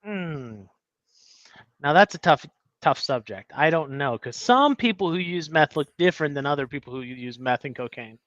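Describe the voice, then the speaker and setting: High, bright-voiced man telling a story. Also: normal speed, no room sound, muffled recording. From United States. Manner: animated storyteller, acts out quotes. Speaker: podcast co-host. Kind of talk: casual chat, storytelling.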